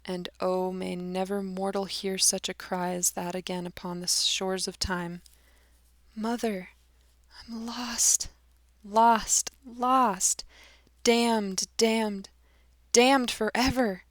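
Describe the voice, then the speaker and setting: A woman's voice: mid-range voice, fairly even intonation, takes it slowly, no echo, studio quality, natural voice. A woman voicing a dying young male student who cries out in anguish, pleading and shrieking in despair.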